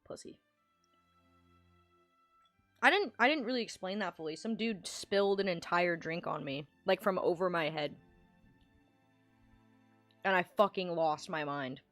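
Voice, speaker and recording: A woman's voice: on the low side, moderate pace, long pauses, a bit bright, dry recording, faint music behind. A woman streamer in casual livestream chat, ranting and rambling with lots of swearing.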